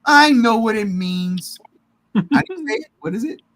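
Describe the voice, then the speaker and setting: A man hosting a casual pop-culture podcast, excitable and swearing freely, often laughing. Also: very high-pitched, moderate pace, rough recording. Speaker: podcast host.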